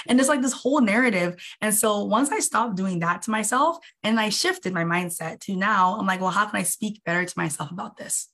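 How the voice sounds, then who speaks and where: On her livestream, a young online coach delivers a laid-back pep talk, voicing different inner voices through dramatic pitch jumps. Her pace is a bit quick, she barely pauses, and her tone is somewhat bright.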